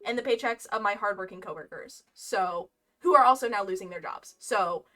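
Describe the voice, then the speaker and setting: A young woman telling a casual story while streaming, animated and rambling, laughing often. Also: mid-range voice, moderate pace. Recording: lo-fi game music behind.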